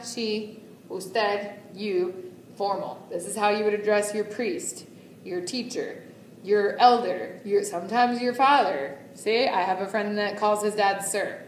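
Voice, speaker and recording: A woman's voice: a little high, slight background noise. A woman teaching a Spanish class at a whiteboard in a chatty way, often checking in with her students. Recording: echoey room from far off, faint ambience.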